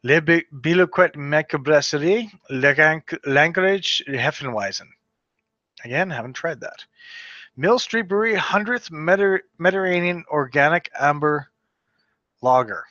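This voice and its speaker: A man's voice: a little high, normal speed, bright, forceful tone, no echo, lo-fi sound. A man from Western Canada hosting a casual solo podcast, reading out a list and stumbling over names with offhand asides. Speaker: podcast host.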